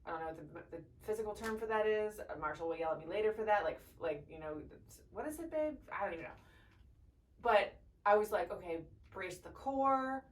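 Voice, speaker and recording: A woman's voice: mid-range voice, brisk, recorded from a distance, rough recording. Young woman vlogger, candid and profane, mic set a bit back. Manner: candid, swears freely, animated retelling with laughs. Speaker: vlogger telling her birth story. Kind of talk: casual storytelling to camera.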